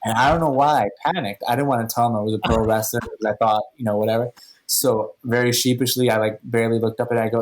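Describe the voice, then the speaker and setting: A man who is a podcast guest, telling stories in a casual, animated way and acting out the dialogue. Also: medium pitch, fast. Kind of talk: casual storytelling.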